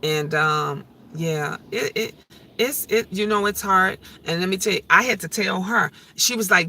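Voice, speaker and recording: A woman's voice: mid-range voice, moderate pace, sharp tone, slight background noise. A middle-aged woman talking on her vlog livestream in a heartfelt, emotional and repetitive way. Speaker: vlogger. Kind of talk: casual livestream talk.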